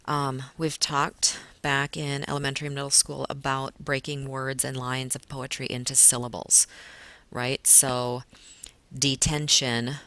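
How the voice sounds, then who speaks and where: A woman's voice: rumbling low, completely flat delivery, unhurried, bright, forceful tone. A woman teacher giving pre-reading notes on poetry to her class, explaining patiently with many fillers. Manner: patient explaining, stretches words to show stress.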